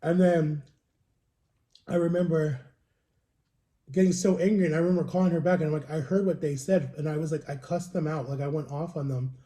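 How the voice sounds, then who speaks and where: A man's voice: on the high side, fairly even intonation, fairly quick, long pauses, mellow. A man rambling through a personal story in a casual vlog, in a confiding way. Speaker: vlogger. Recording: roomy, echoey home recording.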